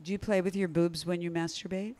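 A woman's voice: on the low side, steady tone, a little fast, warm tone, no echo. A woman hosting a casual talk show. She talks frankly and playfully and drifts into rambling asides. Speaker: podcast host. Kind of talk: bawdy casual chat.

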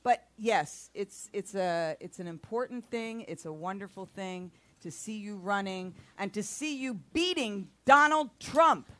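A woman's voice: medium pitch, expressive, measured pace, few pauses, pushed and bright. A middle-aged woman hosting a studio talk show, chatty and rambling, often repeating herself. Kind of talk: casual chat show hosting. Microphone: studio mic with headphones.

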